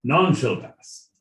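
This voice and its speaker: A man's voice: on the high side, exaggerated voice. A man voicing a pompous British man loyal to his queen, in an exaggerated mock British accent with grand, swooping delivery. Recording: echoey room, mic at a distance.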